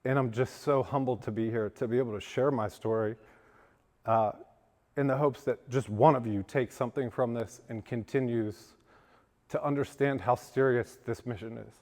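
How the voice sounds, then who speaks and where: A man's voice: medium pitch, moderate pace, darkish tone. A man from western Pennsylvania giving a personal recovery testimony as a guest speaker at a lunch. He talks earnestly, his voice cracks with emotion and he often restarts his sentences. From western Pennsylvania, USA. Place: event hall at a lunch. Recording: long hall reverb.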